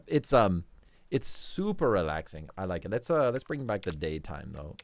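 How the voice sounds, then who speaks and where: A man hosting a relaxed game livestream in casual commentary, upbeat and chuckling often. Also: deep voice, normal speed. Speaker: livestream host.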